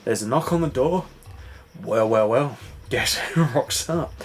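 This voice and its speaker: A man's voice: medium pitch, unhurried, a little hiss or hum. A man rambling through a casual recap, full of fillers and swearing. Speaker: vlogger. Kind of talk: casual late-night recap chat.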